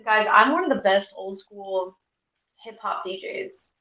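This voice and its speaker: A woman's voice: medium pitch, lively intonation, unhurried, pushed and bright. A woman in her forties casually chatting and swearing as she cooks on a livestream. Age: 40s. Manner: chatty, profane, self-deprecating. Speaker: streamer. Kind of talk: casual cooking livestream chat. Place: home kitchen. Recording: echoey room, dull lo-fi audio.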